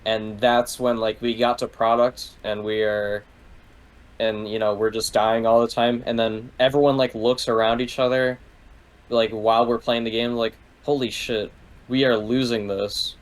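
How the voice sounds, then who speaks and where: A man's voice: mid-range voice, flat delivery, moderate pace, poor audio. A man as guest in a casual gaming talk, rambling through a story with lots of "like" and free swearing. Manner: rambling, heavy use of "like", swears freely.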